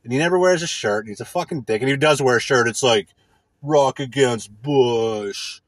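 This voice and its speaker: A man hosting a podcast rants in a casual, profane monologue, mocking people he dislikes. His voice is husky and his pitch swings widely. The sound is dry and close. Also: animated, very fast, a bit bright, no echo. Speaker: podcast host.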